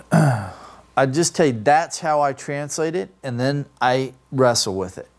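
Man, teacher, classroom lecture, explanatory, checks in with "right?", middle pitch. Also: expressive, slow. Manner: explanatory, asks "right?" often. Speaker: Greek grammar teacher.

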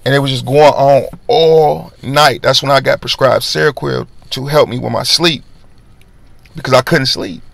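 A man hosting a podcast, casually telling a personal story in slangy, animated talk and acting out the voices of people in it. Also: medium pitch, brisk, vocal fry, no echo.

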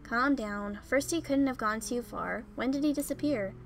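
A composed young man in charge, as a woman reads him gives orders evenly and steadily. Her own fairly high voice stays plain and controlled in this story game. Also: moderate pace, a little hiss or hum, natural voice. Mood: calm. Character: calm, level-headed young male leader. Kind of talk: reading game dialogue aloud.

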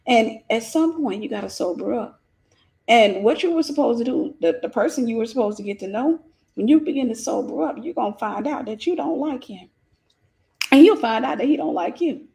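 A woman's voice: on the high side, creaky, dark tone. A woman with a Southern accent giving a preachy, informal Christian lesson on relationships, emphatic and repetitive with folksy jokes.

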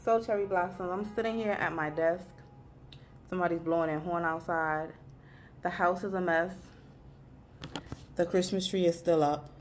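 A young woman talking at her home desk in a casual vlog, rambling and halting, close to tears. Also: lowish voice, fairly even intonation, faint music behind. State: weepy, emotional. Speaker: vlogger.

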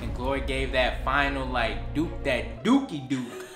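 A young man, a new father, telling a birth story in a casual, animated, joking way. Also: mid-range voice, a little slow. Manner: animated, joking, acts out quotes loudly. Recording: echoey room with music behind.

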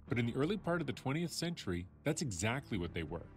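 A man's voice: mid-range voice, very animated, fast talker, soft background music. A man hosting a science show, telling a story in a playful, chatty way that speaks straight to the listener. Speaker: host.

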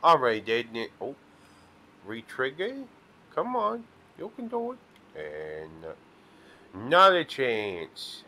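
Slow, animated joking man. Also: mid-range voice. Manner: rambling absurd storytelling, playful. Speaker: streamer playing slot machines. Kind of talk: casual joking commentary.

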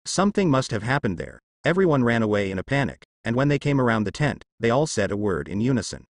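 Reading a translated fan novel aloud, a man narrates with a lively pitch that swings up and down. He talks fast and never slips or fills a gap, keeping a steady flow. His voice is close and dry, with no room sound at all.

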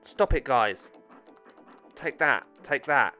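Brief: male gamer, lively up-and-down delivery, swears, laughs at himself, faint game music behind. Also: mid-range voice, slow. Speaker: gaming channel host. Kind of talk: let's-play commentary.

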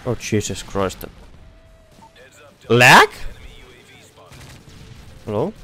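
A man's voice: on the low side, big pitch swings, measured pace, soft background music. A man streaming a shooter game, commenting in frustrated outbursts and swearing. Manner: frustrated, swearing, exclaiming in disbelief. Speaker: gamer streamer. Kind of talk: live gameplay commentary. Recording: faint noise and game gunfire behind.

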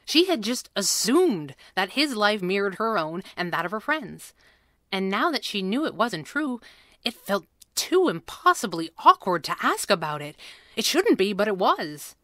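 A woman reading a children's chapter book aloud with expressive, measured storytelling. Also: medium pitch, no room sound, studio quality. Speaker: audiobook reader. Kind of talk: scripted storybook narration.

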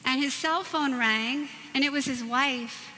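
This woman sits high in pitch, with a pushed, bright tone and a measured pace. She's a Catholic speaker in her forties, telling stories and jokes in a church hall and tossing playful asides to her listeners, captured in a reverberant space with faint background noise.

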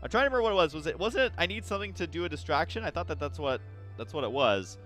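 A young man giving casual let's play commentary while gaming, excitable and quick to exasperated outbursts. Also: on the high side, soft background music.

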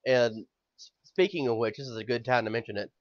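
A man's voice: mid-range voice, fairly quick, no echo, highs cut off. A man hosting a podcast in casual chat, rambling and swearing, often stammering as he builds up steam. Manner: rambling, profane, stammers when worked up. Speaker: podcast host.

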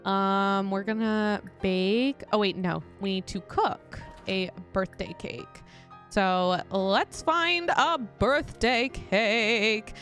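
A woman's voice: mid-range voice, extremely slow, fairly bright tone, soft background music. A young woman chatting casually to viewers while playing a life-sim game, giggly and talkative. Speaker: gaming YouTuber. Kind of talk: casual let's-play commentary.

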